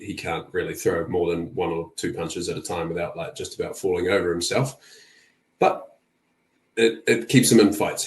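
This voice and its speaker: Deep, flat-voiced man in an echoey room. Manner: relaxed, lots of "um" and "like". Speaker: podcast guest analyst. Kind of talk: casual betting podcast chat.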